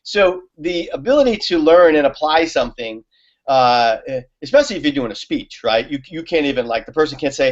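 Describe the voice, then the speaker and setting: A man's voice: fairly high pitch, lively intonation, fairly quick. A man guest telling stories in casual conversation, laughing often and using many fillers. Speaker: guest on a talk show. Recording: muffled lo-fi audio.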